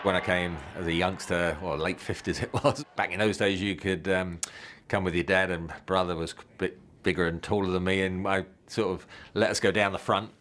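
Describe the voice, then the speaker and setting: A man's voice: sits low, fairly even intonation, normal speed, few pauses, fairly bright tone, slight background noise. An older longtime fan casually recalling his childhood visits to the ground, with little chuckles. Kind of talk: reminiscing interview.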